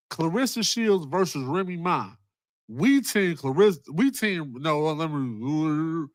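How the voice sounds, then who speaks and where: A man hosting a casual commentary vlog, excitable and profane, often repeating himself. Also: high voice, measured pace, no room sound, clean studio sound. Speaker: host.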